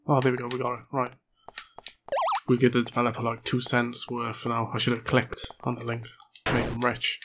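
A hoarse man giving excitable, chatty let's play commentary and swearing often. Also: medium pitch, normal speed. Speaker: gaming channel host. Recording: noisy home recording.

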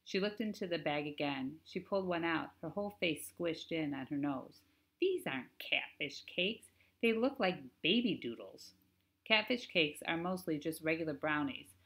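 Low-voiced woman reading a novel. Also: fairly bright tone. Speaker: audiobook narrator. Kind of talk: first-person audiobook narration.

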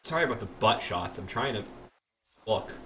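A man's voice: lowish voice, moderate pace, slight background noise. A young man streaming a classic game live, rambling, joking and mocking himself as he plays. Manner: animated, rambling, jokey, self-mocking. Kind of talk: live gameplay commentary.

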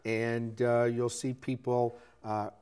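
A man's voice: mid-range voice, flat delivery, takes it slowly, a little mellow, clear, resonant tone. A male host of a local TV show, interviewing a guest in a friendly, encouraging way.

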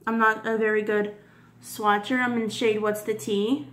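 A woman beauty vlogger swatching makeup for her viewers, gushing and giddy, often apologizing for her technique and dropping into soft whispers. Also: on the high side, level tone, normal speed. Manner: gushing, giddy, keeps addressing viewers as guys. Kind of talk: casual makeup swatch review.

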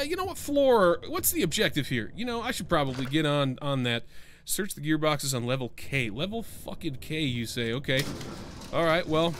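A young man doing let's-play commentary for a horror game, joking and cursing and yelping when startled. His voice is high and bright with big swings in pitch. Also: slight background noise. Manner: jokey, profane, prone to excited yelps. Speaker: gaming streamer.

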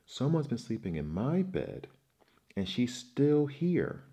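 A man squeaking as a tearful little bear cub, storybook style. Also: expressive, moderate pace, dark tone, close to an everyday voice. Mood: alarmed. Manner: whiny, sobbing squeaks. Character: small tearful young male bear cub.

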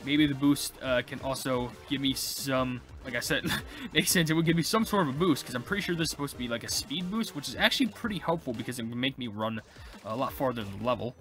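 A man giving casual, rambling gameplay commentary as a YouTuber, getting excitable at close calls. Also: medium pitch, fast talker, soft background music. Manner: rambling, excitable, lots of fillers. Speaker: gaming YouTuber.

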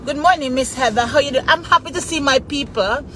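A woman's voice: high voice, brisk, pushed and bright. A Jamaican woman chatting casually with her live-stream viewers while she drives, greeting them by name in patois-flavored speech. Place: inside a car in traffic. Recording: noisy car, road noise behind.

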